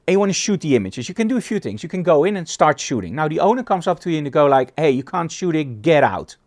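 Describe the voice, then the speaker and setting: A man's voice: fairly high pitch, rapid-fire. A middle-aged man from the Netherlands, teaching a photography class and acting out little dialogues as he tells stories. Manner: animated storyteller, acts out dialogue. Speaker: photography instructor.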